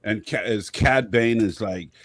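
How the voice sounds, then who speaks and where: A man's voice: fairly low pitch, measured pace, a bit bright. A man in casual discussion, talking eagerly and thinking aloud with lots of fillers.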